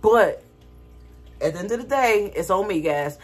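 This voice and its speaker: A woman's voice: mid-range voice, normal speed, faint music behind. A woman vlogger talking casually to her viewers, telling a dramatic story with lots of energy. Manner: animated, dramatic retelling with laughter.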